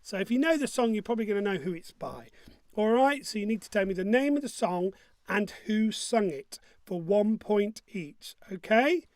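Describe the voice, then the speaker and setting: Jokey high-voiced quiz host. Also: male voice, lively intonation, moderate pace, darkish tone, no echo. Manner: jokey and upbeat, hums his own jingles. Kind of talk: online pub quiz hosting.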